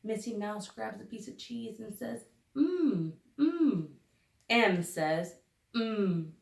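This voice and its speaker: A woman teacher leading a phonics lesson for young children, sounding out each letter slowly and deliberately. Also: mid-range voice, gravelly. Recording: echoey room, recorded from a distance.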